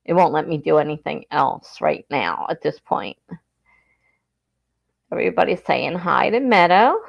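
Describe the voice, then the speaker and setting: A woman's voice: sits low, animated, unhurried, creaky, muffled recording. A woman from southern New Jersey with a South Jersey accent, hosting a casual livestream, chatting and reading viewer comments aloud, laughing often. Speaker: livestream host.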